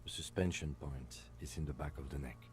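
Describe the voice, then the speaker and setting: A calm, clinical police lieutenant. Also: male voice, extremely low pitch, a little hiss or hum. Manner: measured, clinical, dry. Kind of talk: video game voice acting.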